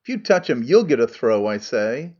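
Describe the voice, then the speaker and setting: A man's voice: medium pitch, big pitch swings, normal speed, darkish tone, dull audio. A man voicing a chorus of old men that defends the hero in declaimed verse. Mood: defiant.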